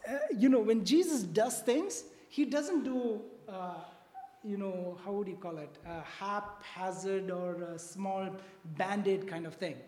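A preacher giving a sermon in a church, repeating key phrases and often checking in with the congregation with a quick "right?" or "okay?". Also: mid-range voice, warm tone. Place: church sanctuary. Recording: long reverb of a large hall.

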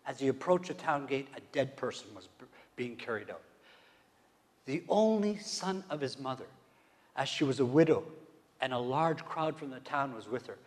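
A man preaching a sermon, asking the congregation questions and swinging from hushed whispers to loud, emphatic calls. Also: mid-range voice, animated, moderate pace. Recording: long hall reverb.

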